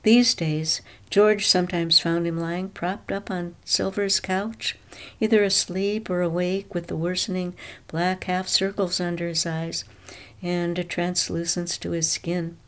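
A woman with a fairly low voice reads a novel aloud as an audiobook narrator. Her delivery is measured and even, and she carries the story steadily from line to line.

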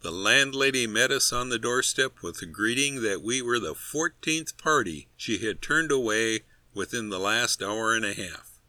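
A man's voice: mid-range voice, lively intonation, moderate pace, sharp tone, no room sound. A man reading a humorous story aloud in a dry, wry storytelling manner. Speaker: narrator. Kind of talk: scripted narration.

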